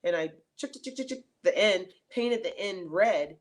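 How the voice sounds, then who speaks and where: This middle-aged woman is a guest in an interview, and her medium-pitched voice moves at a normal speed. Her storytelling is casual and lively, full of fillers and false starts.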